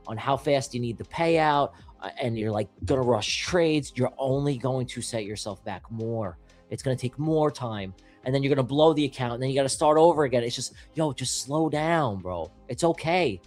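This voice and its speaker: A man's voice: medium pitch, normal speed, a little mellow, soft background music. A man hosting a live trading stream, giving blunt, emphatic advice with plenty of swearing. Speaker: trading show host. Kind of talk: casual live-stream chat.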